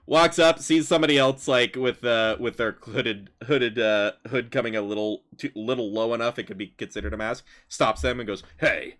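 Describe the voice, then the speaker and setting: A man's voice: medium pitch, a bit bright. A man narrating as game master in casual chat, with many fillers.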